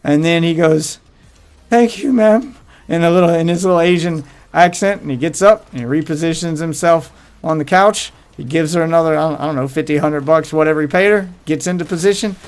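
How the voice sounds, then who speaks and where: A man's voice: a little high, fairly even intonation, fast talker, smooth. A man hosting his livestream, telling crude rambling stories in casual chat with faint music behind him. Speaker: livestream host.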